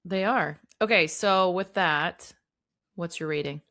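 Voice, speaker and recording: A woman with a low voice chats about a movie in a loose, talkative way, giving blunt opinions. She fills her speech with casual asides as she goes. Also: unhurried, a bit bright, no echo, studio quality. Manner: chatty, uses "like" a lot, blunt opinions. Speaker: podcast co-host. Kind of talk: casual film-review chat.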